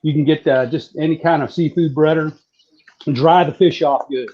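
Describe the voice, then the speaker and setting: A man from southeastern Virginia, chatting casually while demonstrating how to fry catfish. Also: a little high, moderate pace. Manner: folksy, relaxed, drawling. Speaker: cooking guest. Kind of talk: casual cooking demo on a live stream. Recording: dull lo-fi stream audio.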